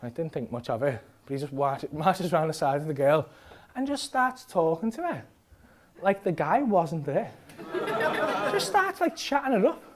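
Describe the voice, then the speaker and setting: A man doing stand-up, retelling a night out in a rambling, sweary style and ending lines with "right?". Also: high voice. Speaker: stand-up comedian. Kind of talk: stand-up storytelling. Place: comedy club stage. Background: audience laughter.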